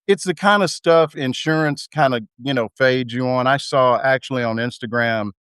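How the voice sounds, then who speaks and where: A man talking as a guest in a casual live video chat, halting and filling pauses with um and you know. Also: medium pitch, fairly bright tone, smooth, no echo, studio quality. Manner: halting, full of fillers and restarts.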